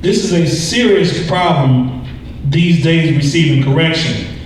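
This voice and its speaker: Slow man reading scripture aloud. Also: a little high, a little hiss or hum. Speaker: scripture reader. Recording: echoey room from far off.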